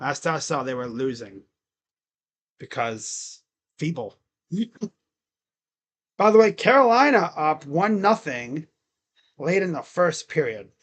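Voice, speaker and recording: A man doing casual live play-by-play and reaction on a stream, rambling between plays and getting louder and quicker when the action picks up. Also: on the high side, big pitch swings. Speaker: livestream sports commentator.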